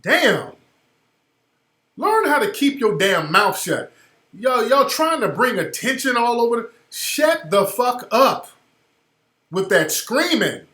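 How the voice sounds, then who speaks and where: High, lively-voiced man ranting on talk radio. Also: normal speed, echoey room. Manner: blunt, profane, ranting, repeats phrases for emphasis. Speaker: radio show host.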